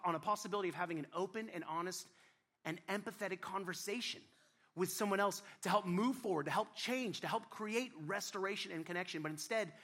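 A man with a fairly high voice preaches to a congregation in a church. He tells the story animatedly and puts on voices for the Bible figures, often with a wink. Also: a bit bright. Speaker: pastor. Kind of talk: sermon.

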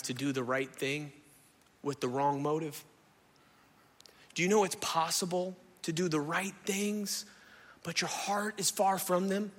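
A man, preaching a sermon in a lively, conversational way and often turning to the congregation. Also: high voice. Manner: animated, conversational preaching, addresses crowd as y'all. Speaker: pastor. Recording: echoey hall.

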